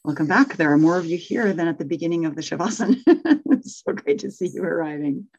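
A woman leads a group through a guided meditation on a video call, her voice on the lower side and soft as she talks them through the breath. She turns bubbly and excited as she welcomes people back. The audio is dull and lo-fi. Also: quick pace, husky. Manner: gentle, soothing guidance that turns bubbly and excited. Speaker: meditation teacher leading an online group.

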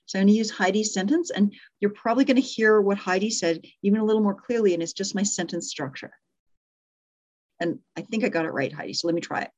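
Middle-aged woman teaching a workshop, tries examples out loud and fixes them, kinda lo-fi sound. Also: mid-range voice, fast talker. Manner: demonstrative, thinks aloud and corrects herself. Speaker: communication coach.

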